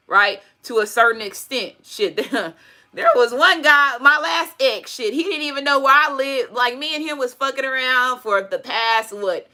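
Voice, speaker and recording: A woman gives a casual tarot reading, tossing in blunt, profane asides and preachy advice. Her voice is on the high side, pushed and bright, with faint music in the background.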